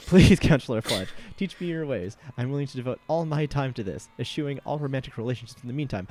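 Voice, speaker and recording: A man's voice: mid-range voice, expressive, quick pace, darkish tone. A man casually playing a video game with a friend, laughing often and reading game text aloud. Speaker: game streamer.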